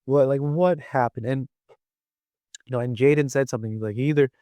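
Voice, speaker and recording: A man's voice: mid-range voice, fairly quick, warm tone, no echo. A man giving casual commentary on his vlog, rambling with lots of fillers and restarts. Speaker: wrestling vlogger.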